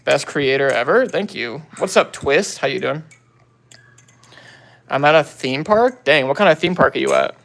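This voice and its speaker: Speaking at a normal speed in a fairly high, creaky, slightly bright voice, a young man hosts a livestream from his phone. He's expressive as he greets viewers and answers their comments in laid-back slang.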